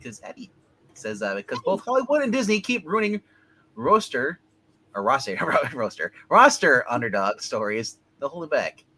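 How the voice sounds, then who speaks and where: A man co-hosting a casual chat, jokey, with quick asides and frequent laughter. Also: medium pitch, sing-song, background noise. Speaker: co-host.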